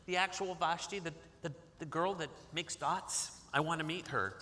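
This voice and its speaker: A man voicing a shy, excited little boy who stammers in awe while meeting an artist he admires. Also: a little high, moderate pace, slight background noise. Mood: starstruck. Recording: long hall reverb.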